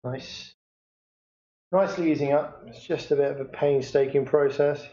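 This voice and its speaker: A man talking through a picture framing job step by step in a workshop, unhurried and hesitant, with many fillers. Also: a little high, steady tone, warm tone. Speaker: picture framer demonstrating. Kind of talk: hands-on workshop demonstration. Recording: echoey room, dull lo-fi sound.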